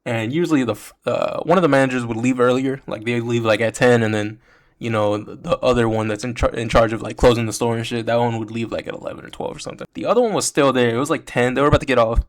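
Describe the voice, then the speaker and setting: A man's voice: medium pitch, fairly even intonation, fast. A young adult man telling a storytime in a casual, profane, slang-heavy way, with constant asides to the listener. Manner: profane and slangy, peppered with "bro". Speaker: storytime vlogger.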